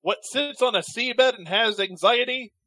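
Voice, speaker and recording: A man telling corny jokes in casual banter, playful and quick to swear. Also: very high-pitched, heavy background noise.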